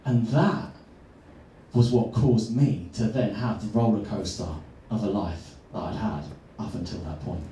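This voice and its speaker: A man, a coach, telling a personal story earnestly and slowing down for emphasis. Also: lowish voice, warm tone, slight background noise. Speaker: transformational coach. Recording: echoey room, far from mic.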